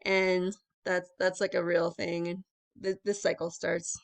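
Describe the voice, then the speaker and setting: A woman's voice: lowish voice, level tone, a little slow, gravelly. A young woman doing conversational stand-up comedy, chatty with lots of filler words and rising asides to the crowd.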